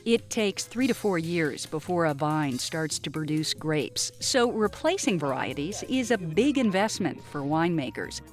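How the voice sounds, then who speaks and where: Expressive woman narrating a science report. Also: fairly low pitch. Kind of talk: scripted documentary narration.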